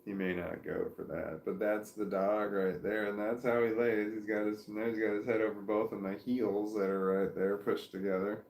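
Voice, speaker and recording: A man's voice: lowish voice, level tone, moderate pace, creaky, few pauses, darkish tone, echoey room. A man on a home livestream talking casually and meandering to viewers, often stopping mid-sentence to restart. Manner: meandering, self-interrupting, talking to viewers about his dog. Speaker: vlogger. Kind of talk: rambling casual livestream chat. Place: at home, seated with dog on his legs. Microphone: phone or camera on a stand.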